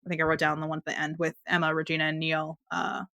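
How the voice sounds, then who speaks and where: Podcast co-host, woman, lower pitch, chatty and rambling, dry close sound. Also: completely flat delivery, quick pace, pushed and bright, no room sound. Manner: chatty, rambling with restarts and laughs. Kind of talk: casual TV recap chat.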